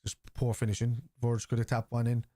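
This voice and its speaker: A man's voice: medium pitch, completely flat delivery, fairly quick, mellow, no echo, clean studio sound. A man hosting a live fan watchalong, reading out and answering viewer chat in a blunt, casual way, swearing freely. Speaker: fan channel host.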